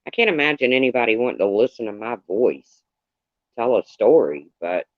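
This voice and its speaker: A man's voice: medium pitch, big pitch swings, moderate pace, dry recording. Rambling man on a dull livestream. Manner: rambling and candid, greets viewers by name. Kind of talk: casual livestream chat.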